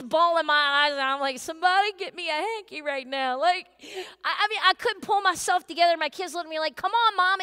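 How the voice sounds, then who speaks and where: A woman pastor preaches a sermon, telling stories in a lively, chatty way. Her voice is high and bright, and it rings out with the long reverb of a church hall. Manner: storytelling, animated and conversational.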